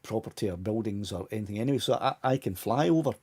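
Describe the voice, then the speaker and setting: Scottish male host, around sixty, mellow tone, easygoing rambling live-chat delivery with false starts. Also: fairly low pitch, animated, quick pace, slightly rough. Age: about 60. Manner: rambling, chatty, many restarts and chuckles. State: voice tiring, fading. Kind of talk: casual live stream chat.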